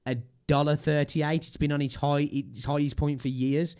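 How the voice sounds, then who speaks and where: A man's voice: fairly high pitch, level tone, moderate pace, a little mellow, clean tone. A young man ranting casually on a livestream, swearing constantly and rambling with fillers, with a slightly sore throat. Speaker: streamer.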